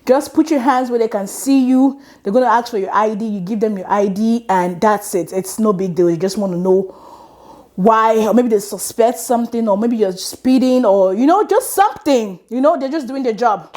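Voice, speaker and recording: A patient, reassuring husband, as his wife puts him on with a Nigerian English accent, speaking lower and evenly. He calmly talks her through what to do. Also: moderate pace, lightly acted. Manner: patient, matter-of-fact. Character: calm, reassuring husband giving advice.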